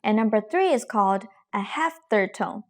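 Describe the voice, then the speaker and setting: A woman teacher leading a pronunciation drill, modelling each word slowly and deliberately for learners to repeat. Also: medium pitch, animated. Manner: slow, deliberate modelling of tones. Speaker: Chinese teacher.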